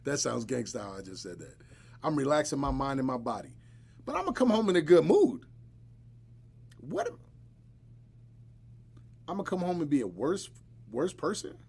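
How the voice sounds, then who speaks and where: A man's voice: mid-range voice, normal speed, gravelly, long pauses, husky. A man hosting a live podcast, chatting casually and bluntly with joking asides. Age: adult, married. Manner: blunt, joking, animated storytelling. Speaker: podcast host.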